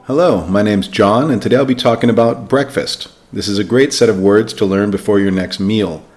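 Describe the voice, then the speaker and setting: A man hosts an English-learning podcast and reads a scripted vocabulary lesson with a fairly low voice. He talks clearly and slows down to spell each word letter by letter for learners. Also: darkish tone, soft background music. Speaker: podcast host, English teacher.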